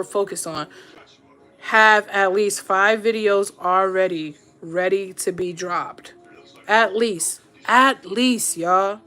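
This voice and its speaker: A woman's voice: medium pitch, bright, forceful tone. A woman streamer giving casual, blunt advice to her viewers while doing her makeup, slangy and emphatic, repeating her points for stress. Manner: slangy, addresses viewers directly. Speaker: YouTube streamer and podcaster.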